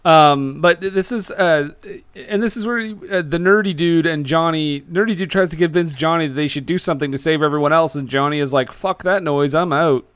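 A man's voice: a little high, brisk, fairly bright tone, clear, resonant tone, no room sound. A man co-hosting a casual movie podcast, wry and laughing often. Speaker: podcast co-host. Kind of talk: casual movie commentary chat.

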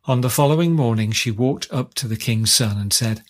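A man narrating a folk tale aloud in a calm, steady storytelling manner. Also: mid-range voice, normal speed.

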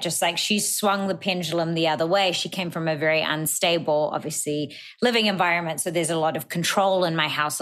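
A woman's voice: on the low side, fairly bright tone. A woman hosting a podcast, speaking openly and personally, with hesitant restarts. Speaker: podcast host. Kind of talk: casual podcast chat.

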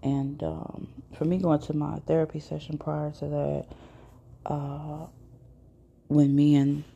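Low gravelly blunt-talking woman. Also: little pitch movement, slow, warm tone, highs cut off, a little hiss or hum. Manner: blunt, profane storytelling. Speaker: podcast host. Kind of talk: casual monologue.

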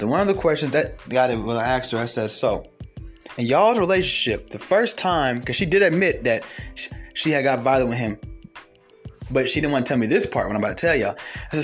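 A man, telling a story to camera in a blunt, animated rant. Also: a little high. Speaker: vlogger. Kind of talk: casual monologue to camera.

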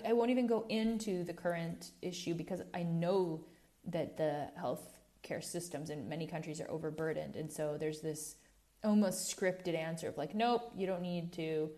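A woman with a slightly low voice hosts a casual podcast monologue. She speaks candidly and animatedly, correcting herself mid-sentence and drifting into asides. At times she turns a little preachy as she presses her point. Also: mellow. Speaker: podcast host.

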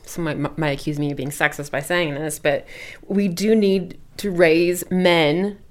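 A middle-aged woman speaks as a podcast guest in a slightly low voice. She tells stories candidly and with animation, keeping a casual, conversational tone. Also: steady tone, a little slow. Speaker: guest, blogger. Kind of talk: casual interview storytelling.

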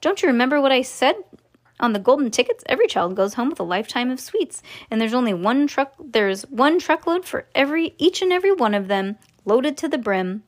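Eccentric cheerful storybook candy-maker man, woman reader, brisk and theatrical. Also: high-pitched, big pitch swings.

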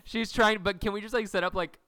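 Retelling a TV episode on a podcast he co-hosts, a young man speaks casually and acts out the characters' quotes with animated flair. His voice is high and fairly quick.

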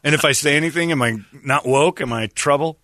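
A man's voice: fairly quick, dry recording, clean studio sound. A man hosting a radio show, chatting and joking with a laugh and slipping into mocking quoted voices. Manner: animated, laughing, jumps into mocking high-pitched quoted voices. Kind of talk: casual comedic talk radio banter.

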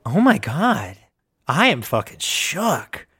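A man co-hosting a podcast in casual chat, animated and swearing freely. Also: on the high side, slow, husky. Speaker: podcast co-host.

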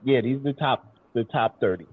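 A man's voice: mid-range voice, a little fast, crowd noise. A man hosting a casual chat, laid-back, drawling and repeating himself as he reads a list. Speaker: podcast host. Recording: husky voice over a tinny phone-like line.

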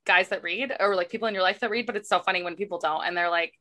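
A woman's voice: lowish voice, very fast, sharp tone. A young woman who hosts the podcast, chatting and teasing playfully and laughing along with her friends. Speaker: podcast host. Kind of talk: casual chat.

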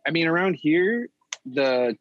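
Animated young man telling stories. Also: fairly high pitch, measured pace, lo-fi sound, a crowd in the background. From California. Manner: animated storyteller, swears, acts out voices. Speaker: pin designer guest. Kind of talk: casual podcast chat.

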